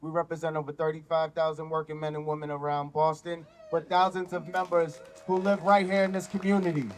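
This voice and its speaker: A union man speaks at an outdoor rally in a high, clear voice. He delivers prepared lines firmly and in declarative sentences. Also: level tone. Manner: firm, declarative, measured. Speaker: union business agent.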